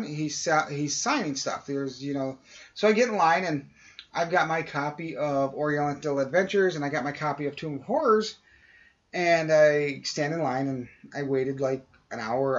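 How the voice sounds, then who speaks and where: A man on a podcast telling a long casual story, acting out what people said. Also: fairly high pitch. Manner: animated anecdote-telling, acts out quoted voices. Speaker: podcast co-host. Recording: dull lo-fi audio.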